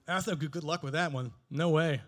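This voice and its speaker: A man performing a stand-up comedy set on stage with a handheld mic, animated and swearing, mimicking other voices with big jumps in pitch. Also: fairly quick. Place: comedy stage before a live audience.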